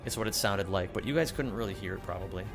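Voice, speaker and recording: A man's voice: on the low side, fast, music in the background. A young man live-streaming a game, joking around casually and greeting viewers by name. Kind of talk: casual live-stream chat while gaming.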